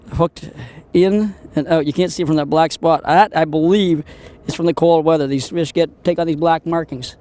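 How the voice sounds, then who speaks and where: Excitable high-voiced man fishing. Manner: excitable, exclamatory, talks to the fish. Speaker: fishing show host. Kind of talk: on-the-water fishing commentary. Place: outdoors on a boat on a lake.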